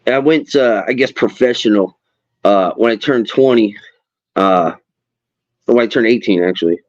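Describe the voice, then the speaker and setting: A middle-aged man hosting a casual chat while fishing, an animated storyteller who swears freely and acts out the people in his stories. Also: lowish voice, moderate pace, dry recording. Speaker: host. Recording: dull lo-fi sound.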